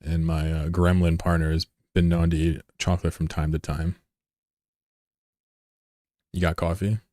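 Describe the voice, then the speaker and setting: A man's voice: low-pitched, level tone, a little slow, warm tone, dry recording, clean studio sound. A man leading an online game fleet on a live stream, talking casually in a rambling, joking way with plenty of swearing into his desk mic. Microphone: desk microphone.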